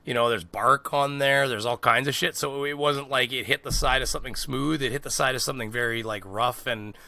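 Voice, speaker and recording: A man, co-hosting a podcast, telling a story in a lively, swearing, laughing way. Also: mid-range voice, brisk, creaky. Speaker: podcast co-host. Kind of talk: casual storytelling chat.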